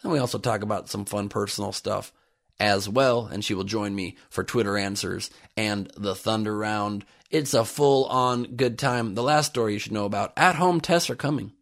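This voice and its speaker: A man's voice: fairly low pitch, moderate pace, creaky. A man hosting a podcast, delivering a comedic news monologue in a sarcastic, jokey manner. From United States. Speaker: podcast host.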